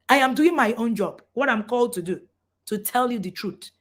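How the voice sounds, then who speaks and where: A middle-aged woman who coaches parents delivers a passionate motivational talk, alternating emphatic lines with near-whispers. Her voice runs on the high side, expressive and brisk.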